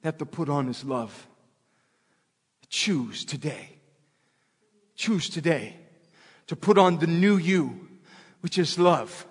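Man, preacher, sermon, high voice, long hall echo, impassioned, repeats phrases. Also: expressive, slow pace, pauses often, slightly rough. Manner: impassioned, repeats phrases, swings loud to hushed.

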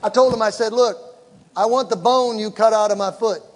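A middle-aged man preaching a sermon, animated and shouting to his congregation. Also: high-pitched, fairly quick. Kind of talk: sermon with personal story. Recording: large hall with long reverb.

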